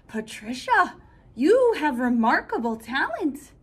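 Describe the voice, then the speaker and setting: A gentle, encouraging male schoolteacher from a storybook, voiced by a woman reading aloud. He speaks slowly and kindly in a fairly high voice, coaxing a shy pupil along. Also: sing-song, heavily acted.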